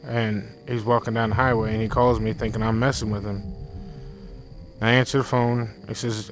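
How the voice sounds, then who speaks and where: A man's voice: medium pitch, moderate pace, low-quality recording. A young man telling a frightening personal story in casual talk, rambling and repeating himself, with faint music behind. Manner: rambling, repeats himself, quotes friend in excited bursts.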